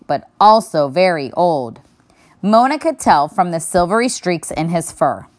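A woman reading a children's book chapter aloud with expressive storytelling. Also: fairly low pitch, dry recording, clean studio sound. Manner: expressive storytelling, varying her voice for each character. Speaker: reader.

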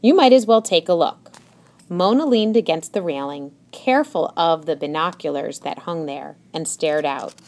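A woman narrating a children's storybook in a gentle storytelling manner. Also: sits low. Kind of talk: scripted narration.

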